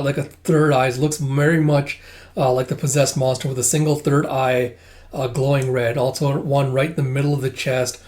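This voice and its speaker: A man's voice: mid-range voice, darkish tone. Rambling young man reading through a comic. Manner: rambling, heavy filler words, swearing. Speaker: comic book reviewer. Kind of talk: casual comic read-through.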